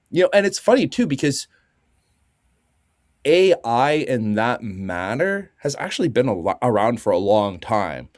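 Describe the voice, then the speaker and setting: A man's voice: mid-range voice, darkish tone, no echo, studio quality. A man with a Canadian accent hosting a podcast, laid-back and slangy in casual chat. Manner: laid-back, slangy, calls people dude and bud. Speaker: podcast host.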